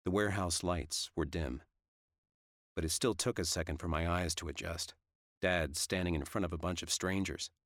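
Deep voiced guy reading an audiobook, dry close sound. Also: fairly even intonation, normal speed, fairly bright tone, no echo. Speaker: audiobook narrator. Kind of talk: first-person audiobook narration.

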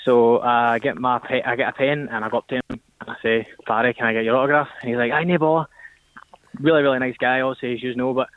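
A young Northern Irish man phones in to a radio show, his medium-pitched voice fairly even as he rattles through a story at speed, animatedly acting out its voices. It's a phone-in storytelling call heard over a tinny phone line.

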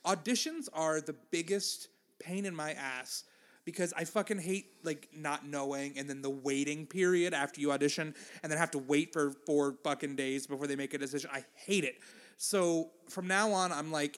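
A man's voice: fairly high pitch, normal speed. A man co-hosting a podcast in casual chat who laughs often and swears casually. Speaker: podcast co-host, stage actor.

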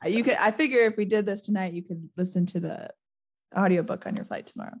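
A woman's voice: mid-range voice, quick pace. A woman hosting a casual chat, giggly and chatty, retelling a novel and reading passages aloud. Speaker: podcast host.

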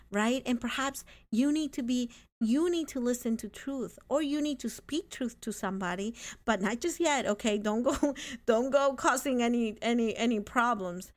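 A woman hosting a faith-based podcast, speaking earnestly and reading scripture aloud. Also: fairly high pitch. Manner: earnest, reads scripture slowly. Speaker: podcast host.

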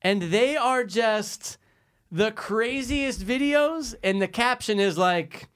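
A man co-hosting a casual podcast, tossing out crude jokes and quick comebacks. His voice sits a little high and swings widely in pitch as he riffs. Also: animated, fairly bright tone, clean tone. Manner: crude, joking banter, quick back-and-forth. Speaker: podcast co-host. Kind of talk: casual chat.

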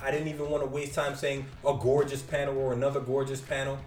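A man's voice: mid-range voice, monotone, fast talker, hardly any pauses, a little mellow, faint music behind. Man recapping comics in an echoey room. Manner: enthusiastic, wry asides. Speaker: comic book reviewer. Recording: roomy echo.

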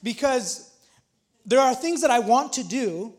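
A man's voice: extremely high pitch, lively intonation, a little slow. A man in his thirties, a pastor preaching a casual, conversational sermon in a small church, repeating phrases as he builds to emphatic points. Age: 30s.

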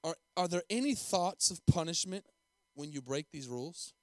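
A cautious school principal, as a man puts him on, asking questions carefully and a little hesitantly. The voice sits fairly high for a man, recorded dry and close. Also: animated, moderate pace, a little mellow, dry recording, lightly acted. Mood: questioning.

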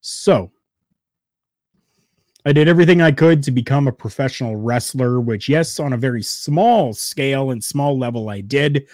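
A man hosts a podcast in a casual, heartfelt way, his voice jumping from loud bursts to quiet, soft asides. His voice sits at an ordinary middle pitch. The sound is dry and close, with no room echo. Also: moderate pace. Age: adult, former wrestler. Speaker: podcast host.

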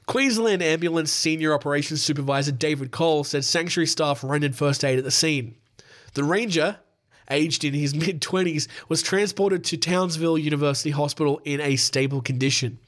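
A man's voice: a little high, moderate pace. A young Australian man hosting a podcast, reading news stories with sweary, laughing asides and sounding tired. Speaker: podcast host.

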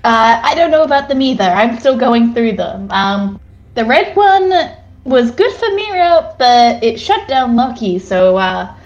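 Playful, slow-talking woman player. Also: a little high, expressive, highs cut off. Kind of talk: tabletop role-play.

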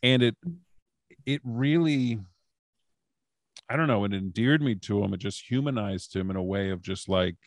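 Recorded with no echo, a man with a fairly low-pitched voice talks at normal speed and pauses often. He's a guest on a podcast, rambling through casual stories with plenty of fillers and false starts.

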